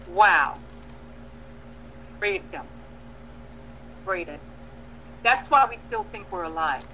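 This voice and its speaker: A woman preaching a sermon, emphatic, with bursts of loud stress and soft pauses, acting out prayers and dialogue. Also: mid-range voice, slight background noise, poor audio. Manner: acts out prayers and quoted dialogue.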